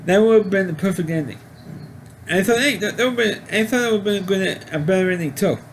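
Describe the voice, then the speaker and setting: A man giving a casual spoken movie review, rambling and halting with frequent restarts. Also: sits high, a little hiss or hum. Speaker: film reviewer.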